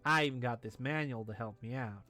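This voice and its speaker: A man's voice: medium pitch, brisk, sharp tone, faint music behind, lightly acted. A man voicing an easygoing, slightly dim male traveler in a folksy, drawling way.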